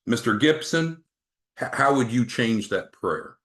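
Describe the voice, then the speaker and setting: A man's voice: medium pitch, animated, a little slow, a bit bright. Upbeat man coaching a sales team. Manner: calls on team members by name, upbeat and coaching. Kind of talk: online sales training meeting.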